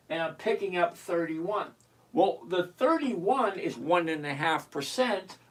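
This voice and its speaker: A livestream host teaching options trading, reading out and answering chat questions in an animated, chatty, direct and repetitive way. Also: medium pitch.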